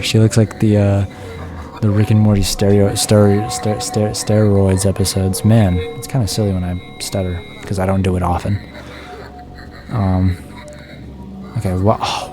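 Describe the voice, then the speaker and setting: A tired man streaming a horror game, rambling and self-mocking as he talks to his chat while keeping his voice down late at night. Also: fairly low pitch. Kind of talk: casual live-stream commentary.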